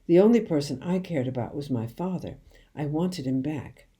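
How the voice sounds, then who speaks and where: Low, mellow woman reading a storybook. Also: expressive, moderate pace. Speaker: children's book reader. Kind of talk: reading a children's novel aloud.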